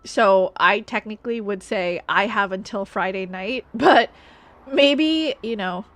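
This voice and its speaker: A woman's voice: mid-range voice, measured pace, a bit bright. A woman streamer reading a game's story aloud in a playful, chatty way. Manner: playful, laughing between lines.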